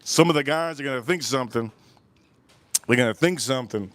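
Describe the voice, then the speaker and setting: A man's voice: mid-range voice, fairly quick, a bit bright. A man hosting a cigar review livestream, chatting casually and rambling, repeating his phrases and acting out the voices of people he quotes. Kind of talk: casual rambling live-stream chat. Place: Miami.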